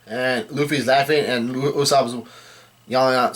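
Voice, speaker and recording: Male reader, mid pitch, casual comic read-through with frequent self-corrections. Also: steady tone, unhurried, a bit bright. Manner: reads quoted lines in his own voice, often correcting himself. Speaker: manga reader.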